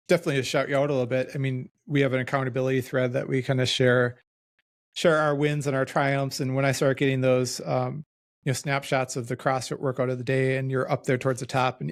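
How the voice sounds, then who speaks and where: A man with a gravelly, creaky voice at a mid pitch hosts a relaxed podcast chat. He sounds reflective and pokes fun at himself, circling back through loose restarts as he works out his thoughts. The sound is dry and close, with no room echo. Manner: reflective, self-deprecating, talks in loose restarts. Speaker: podcast host. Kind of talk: casual podcast conversation.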